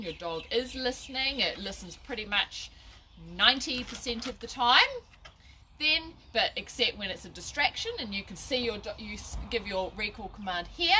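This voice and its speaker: Bright-voiced woman teaching dog training. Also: a little high, expressive, moderate pace, slight background noise. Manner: chatty, laughs at own slips, many restarts. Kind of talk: casual instructional live video. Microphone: phone or camera at a short distance.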